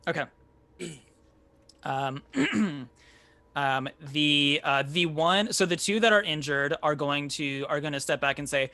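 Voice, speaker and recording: A man's voice: a little high, slow pace, sharp tone, no echo. A man running a tabletop game as game master, narrating combat loosely with fillers and swearing.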